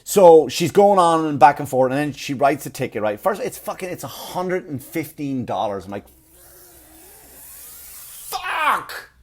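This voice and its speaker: A man's voice: fairly high pitch, animated, moderate pace, hardly any pauses, darkish tone. A man, hosting a comedy podcast and telling a story as a rant, full of swearing and acted-out quotes. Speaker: podcast host.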